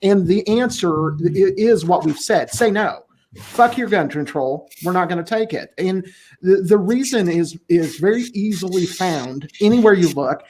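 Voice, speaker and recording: A man hosting a casual podcast discussion, talking in a blunt, profane and animated way. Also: high voice, normal speed, a little hiss or hum. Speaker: podcast host.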